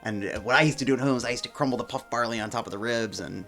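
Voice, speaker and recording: A man's voice: mid-range voice, very fast, vocal fry, a bit bright, soft background music. Playful man playing a tabletop game. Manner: playful, talkative, often in character. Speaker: player. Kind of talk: casual tabletop play.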